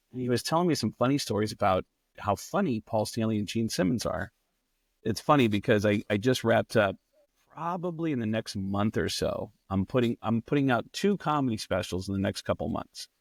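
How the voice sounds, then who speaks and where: A man, a comedian guest, telling stories in a lively way and swearing freely. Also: on the low side, dry recording. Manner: acts out quotes in raised voices, swears freely. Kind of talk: animated storytelling.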